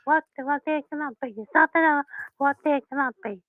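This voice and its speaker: A woman's voice: high-pitched, fairly even intonation, a little fast, no room sound, narrow, tinny audio. A woman calling in to a radio phone-in, rambling and repeating herself. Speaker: caller. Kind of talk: phone-in call.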